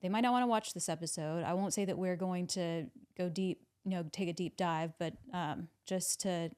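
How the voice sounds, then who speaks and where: A woman doctor hosts a podcast in casual conversation. Her voice is smooth and resonant and sits low for a woman. Her delivery is measured, with light fillers. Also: steady tone, darkish tone. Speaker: physician and podcast host.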